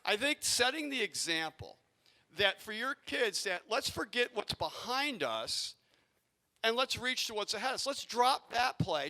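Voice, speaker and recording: A man who coaches youth sports, telling a coaching story to a community audience and acting out his own yelling from the sidelines. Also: sits high. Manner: animated, acts out yelling in his stories. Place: arena event space.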